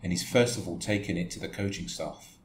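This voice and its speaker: A man co-hosting a casual football podcast, animated and laughing often as he jokes. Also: sits low, fairly quick. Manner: animated, laughs a lot while joking. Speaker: podcast co-host. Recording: echoey room with faint noise.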